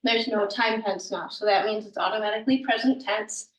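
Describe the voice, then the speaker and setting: A woman's voice: mid-range voice, fairly even intonation, brisk, echoey room, far from the mic, slight background noise, low-quality recording. A woman whose first language is English, teaching a language lesson in a patient, informal way with many ums and self-corrections.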